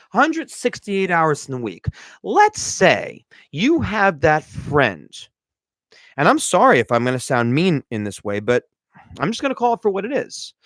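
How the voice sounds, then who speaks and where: Man, motivational podcast host, lively swooping voice, a bit high, emphatic and repetitive, dry close sound. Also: no echo. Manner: emphatic, lecturing, repeats points. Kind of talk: motivational livestream talk.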